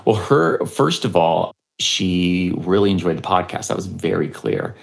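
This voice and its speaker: A man's voice: low voice, animated, unhurried, gravelly. A man, a historian and podcaster, telling a story in an interview, with many fillers and restarts.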